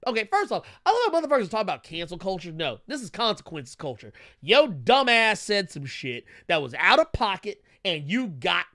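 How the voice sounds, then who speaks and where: A man co-hosting a podcast, riffing in profane, animated casual commentary. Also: sits high, brisk, few pauses, no echo, clean studio sound. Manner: animated, swearing, laughing, mocking voices. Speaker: podcast co-host.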